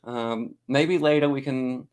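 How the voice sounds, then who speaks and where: A man's voice: mid-range voice, steady tone, slow, a little mellow, clean tone. A man co-hosting a comics livestream, joking, teasing and swearing freely. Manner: laughing, profane, teasing. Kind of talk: crude joking livestream banter.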